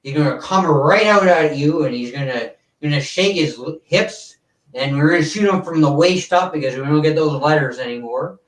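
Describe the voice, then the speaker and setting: A man's voice: a little high, moderate pace, distant mic, lightly acted. A man doing an impression of an older male TV variety show host, with a stiff, stagey announcer delivery. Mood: showy. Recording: roomy, away from the mic.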